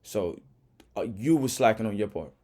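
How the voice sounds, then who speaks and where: A man's voice: fairly low pitch, lively intonation, normal speed, darkish tone, a little hiss or hum. A young man hosting a reaction video, ranting bluntly and heatedly with lots of profanity. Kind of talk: casual reaction commentary.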